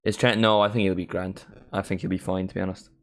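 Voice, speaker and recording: A man's voice: low voice, quick pace. A young man hosting a live match watchalong, chatting casually into a desk microphone and perking up when chances come. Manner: laid-back and chatty, gets excited at chances. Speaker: livestream watchalong host.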